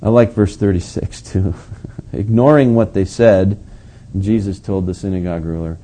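Mellow, husky male preacher. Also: low voice, fairly even intonation, moderate pace. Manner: storytelling, acts out quotes, chuckles often. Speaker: pastor. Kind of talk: sermon.

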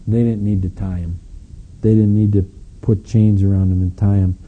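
A middle-aged male pastor from delivers a sermon. His voice is very dark, mellow and somewhat husky. He moves between reading scripture and explaining it in a relaxed, storytelling way. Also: fairly low pitch, moderate pace, low-quality recording. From Wisconsin, United States. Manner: storytelling preacher, reads scripture then explains it conversationally.

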